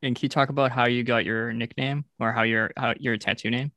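A man's voice: medium pitch, fairly even intonation, a little fast, pushed and bright. A man interviewing a guest, asking short questions.

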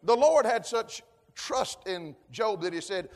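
High-pitched preacher in a reverberant hall. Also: male voice, expressive, a little slow. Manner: folksy, call-and-response, rising to shouts. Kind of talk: sermon.

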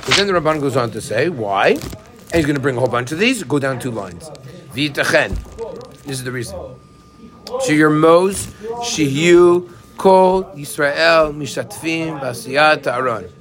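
Man, Torah class teacher, lively rising and falling pitch, slightly high voice, classroom crowd noise. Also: measured pace. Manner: animated, asks the class questions.

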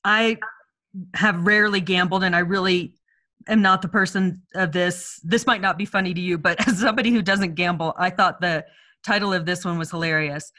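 A woman co-hosting a casual talk show with a bright, forceful voice. She chats along easily, giggly and loose, full of little fillers and restarts. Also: on the low side, steady tone, moderate pace. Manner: chatty and giggly, with frequent fillers. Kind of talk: casual chat, reading reviews aloud.

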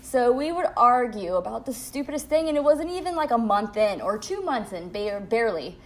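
A young woman talks straight to her viewers from home, telling a story about an ex in a blunt, cussing, animated way. Her voice sits on the higher side. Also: brisk. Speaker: vlogger. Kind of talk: storytime monologue.

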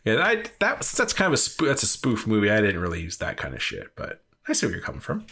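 A man's voice: lowish voice, huge pitch swings, fast talker, gravelly, pushed and bright, breathy edge. A man hosting a casual podcast chat, dryly moving the list along from one pick to the next. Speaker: podcast host running the list.

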